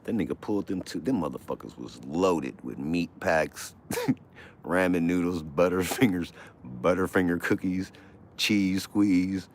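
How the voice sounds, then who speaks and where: A man's voice: deep voice, unhurried. A man telling a prison story on a live stream from his phone at home, casual, profane and often laughing.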